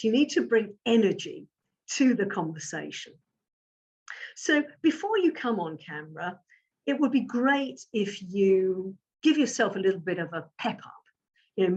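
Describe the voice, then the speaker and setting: Middle-aged woman as a communication coach, slow and deliberate, with a lively up-and-down voice, over a dull lo-fi line. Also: medium pitch. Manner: emphatic, measured coaching delivery. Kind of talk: presentation talk to camera.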